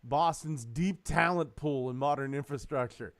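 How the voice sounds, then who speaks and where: A man's voice: a little high, no echo. A man co-hosting a casual chat podcast, ranting and mocking with plenty of swearing. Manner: profane, ranting, quick to mock. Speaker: podcast co-host.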